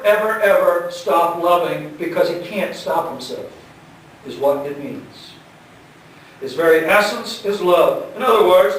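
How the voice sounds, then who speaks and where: A man pastor delivering an emphatic sermon, his voice somewhat high for a man. He repeats his key phrases and lets lines sink to a hush. He is recorded from across a church sanctuary, with strong echo and some distance from the mic. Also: slight background noise.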